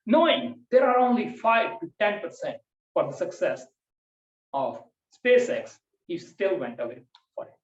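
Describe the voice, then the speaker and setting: A man giving a prepared club speech over a video call, emphatic, with dramatic swings between loud and soft. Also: high voice, very animated, unhurried. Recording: distant, echoey, dull lo-fi call audio.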